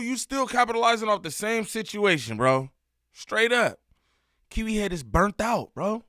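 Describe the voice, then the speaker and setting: Rich: A man co-hosting a casual commentary show, emphatic and quick to laugh. His voice is fairly high and very bright, and it sounds dry and close, with no room behind it. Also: dry recording. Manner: animated, emphatic, laughs often.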